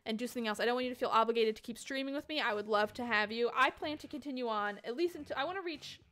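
A woman's voice: a little high, very fast, a bit bright. A woman hosting a charity game stream in casual chat, giggly and chatty as she reads out donations.

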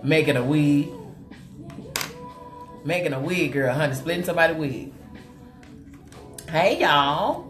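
A lively woman hosts a makeup live stream and chats warmly with her viewers as she works. Her pitch swings widely, though her voice sits a little low. The room is echoey, with faint music playing behind her. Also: measured pace, long pauses. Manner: animated and chatty, greets viewers with terms of endearment. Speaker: host of a live makeup tutorial.

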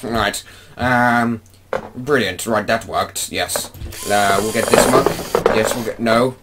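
A man's voice: on the low side, slow, noisy background. A man giving goofy gameplay commentary, rambling in a silly, sing-song way and slipping in mock accents. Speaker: gaming video creator. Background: loud game music.

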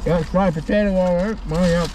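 A man's voice: high voice, fairly even intonation, a little fast, mellow. British guy, casual daily vlogger, wry and chatty, noisy street sound around him. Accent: British English. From Britain. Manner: chatty, self-mocking, breaks into sing-song bits. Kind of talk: casual vlog chat.

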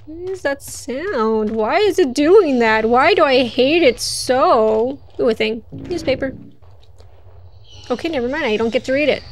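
A woman's voice: high voice, lively intonation, measured pace. A young woman streaming a horror game, chatting casually, laughing often and talking back to the game. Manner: chatty, giggly, talks to the game. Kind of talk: casual gameplay commentary.

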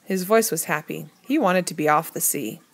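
A woman reading a novel aloud in a measured, plain storytelling manner. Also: sits low, slightly rough, no room sound. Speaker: reader.

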